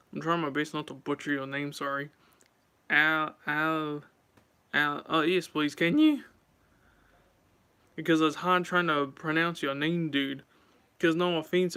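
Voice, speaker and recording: A man's voice: on the high side, sharp tone, clear, resonant tone. A man chatting casually on a live stream, rambling and talking straight to his viewers.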